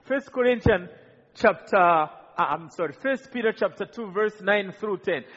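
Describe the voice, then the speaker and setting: A man preaching a testimony sermon, impassioned and building to near shouts at its peaks. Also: high voice, lively intonation, normal speed, husky. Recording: muffled audio with long hall reverb.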